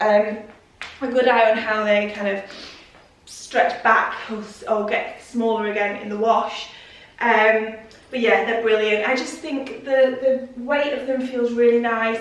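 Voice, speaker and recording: A young woman chatting casually in a try-on vlog, repeating "really" for emphasis. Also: fairly high pitch. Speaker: fashion vlogger. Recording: roomy and distant with faint noise.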